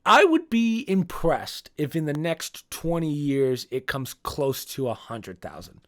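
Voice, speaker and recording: A man's voice: on the high side, very animated, measured pace. Rambling, cursing young male podcaster. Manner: rambling, profane, restarts and searches for words. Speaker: podcast host. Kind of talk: casual solo podcast commentary.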